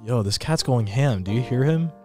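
A young man co-hosts a casual podcast, rambling in a laid-back way with a medium-pitched voice. Faint music plays softly behind him. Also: animated, normal speed. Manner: laid-back, rambling, breaks into rapped lines. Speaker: podcast co-host. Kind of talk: casual chat.

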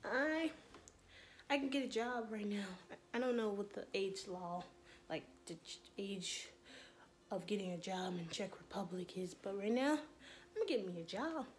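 A woman hosting a joking parody vlog, playful and giggly, often dropping into hushed whispered asides. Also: medium pitch, animated, moderate pace, a little hiss or hum. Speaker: vlogger.

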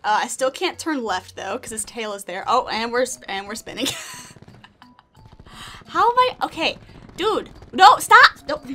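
With a voice on the high side and a bit bright, a young gaming YouTuber keeps up casual commentary on a video game. She giggles between lines and talks sweetly to her pet snake.

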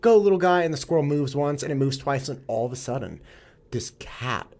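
A man's voice: mid-range voice, fairly quick, gravelly. A man with an American accent hosting a podcast, telling stories animatedly and acting out quotes. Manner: animated storyteller, acts out quotes. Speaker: podcast host. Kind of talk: casual podcast conversation.

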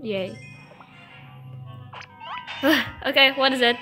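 A woman's voice: high-pitched, big pitch swings, slow pace, long pauses, bright, forceful tone, soft background music. A young teenage girl commentating her game pulls at home, squealing, pleading and groaning at each result. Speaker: gaming video creator. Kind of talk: excited gacha-pull commentary.

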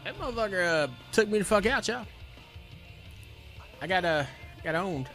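A man streaming a game with a raised, bright voice that leaps all over the place. He trash-talks with brash, profane energy, dropping into low mutters and then bursting into yells. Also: lively intonation, moderate pace, faint music behind. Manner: brash trash-talking, swings from mutters to yelling. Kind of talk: casual profane gaming commentary.

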